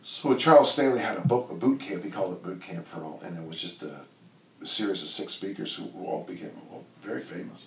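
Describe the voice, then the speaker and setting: An older man with a very low voice talks in a loose, rambling way, circling back with "you know" as he tells his stories. He sits back from the mic in an echoey room, with faint ambience behind him. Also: fast talker, recorded from a distance, a little hiss or hum. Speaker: strength coach and guest. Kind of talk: casual interview storytelling.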